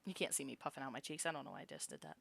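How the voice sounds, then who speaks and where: A woman's voice: extremely low pitch, animated, very fast, vocal fry, fairly bright tone, slight background noise. A woman streamer reading game text aloud and chatting casually with her viewers. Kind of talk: game narration and casual live chat.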